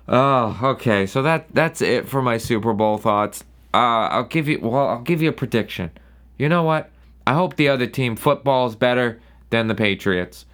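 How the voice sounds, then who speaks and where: A man's voice: mid-range voice, fairly bright tone. Sarcastic, profane young man ranting. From New England. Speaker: podcast host. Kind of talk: casual solo rant.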